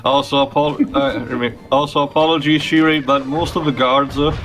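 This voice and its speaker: A man talks through a game he is playing in casual commentary. His voice sits at an ordinary middle pitch, and his delivery is measured and thoughtful. He often stops to search for the right word. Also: fairly even intonation, fairly bright tone, soft background music. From Italian-speaking Switzerland. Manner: measured, thoughtful, often pausing to find words. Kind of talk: casual let's-play commentary.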